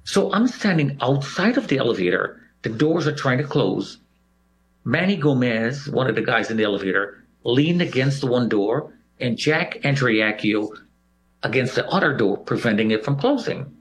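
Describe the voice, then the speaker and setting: A man's voice: mid-range voice, normal speed. A man recounting a personal experience, telling the story with animation and acting out the voices of others. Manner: animated storyteller who acts out quoted voices. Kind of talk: personal recollection.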